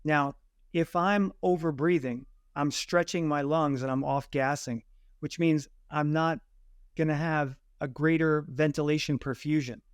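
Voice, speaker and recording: Male guest expert, higher pitch, smooth, assertive teacher, dry mic. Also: steady tone, a little slow, dry recording. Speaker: guest breathing coach. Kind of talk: explanatory interview answers.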